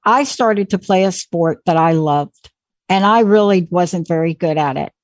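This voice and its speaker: A woman in her forties, a guest speaker telling an animated, motivational story. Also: lowish voice, measured pace, dry recording. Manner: animated, acts out quoted voices.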